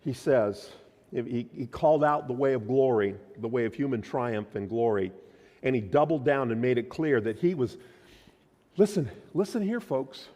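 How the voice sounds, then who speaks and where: A man's voice: medium pitch, normal speed. Emphatic male pastor in a reverberant hall. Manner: emphatic preaching, sudden swings from loud to quiet. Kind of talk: sermon. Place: church sanctuary.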